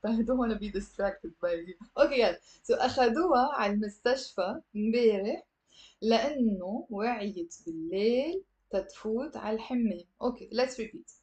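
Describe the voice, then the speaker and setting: A woman with a Lebanese accent teaching a live online Arabic class, lively and encouraging, saying words slowly for her students to repeat. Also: on the high side, highs cut off. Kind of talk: live online language lesson.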